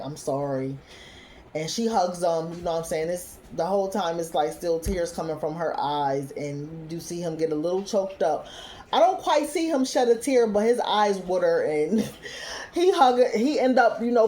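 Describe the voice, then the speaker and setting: A woman's voice: lowish voice, dark tone, a little hiss or hum. A woman giving a casual recap of a TV episode, retelling scenes loosely and quoting the characters as she goes. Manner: retells scenes loosely, quoting characters, with frequent "you know what I'm saying". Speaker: TV recap host.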